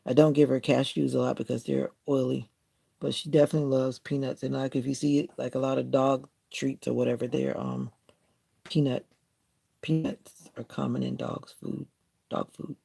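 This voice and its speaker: Man, heavy vocal fry, mid pitch, rambling casual livestream chat, self-correcting, at home. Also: flat delivery, normal speed, dark tone. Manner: rambling, chatty, often correcting himself mid-sentence. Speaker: live stream host and content creator. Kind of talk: casual live stream chat. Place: at home in the morning, near a window with bird feeders.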